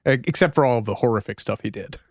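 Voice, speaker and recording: Man, podcast co-host, casual chat, middle pitch, laughs often, dry close sound. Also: fast talker, no room sound. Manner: chatty, laughs often, slips into playful voices.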